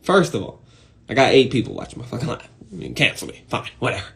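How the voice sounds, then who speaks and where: A young man with a lively, swinging voice giving a casual motivational monologue on a live stream, cursing freely and jumping from loud outbursts to low muttering. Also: fast, gravelly. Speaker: host of an Instagram live stream.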